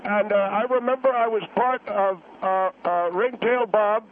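A man voicing an elderly male Korean War veteran who calls in on a tinny phone line and rambles, halting and repeating himself. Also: sits high, steady tone, slight background noise, pitched above the performer's own voice. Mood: earnest rambling. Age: over 70. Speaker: caller.

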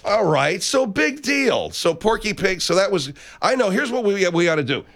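Animated mocking male radio host. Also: high voice, moderate pace, vocal fry. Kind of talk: comedic radio banter.

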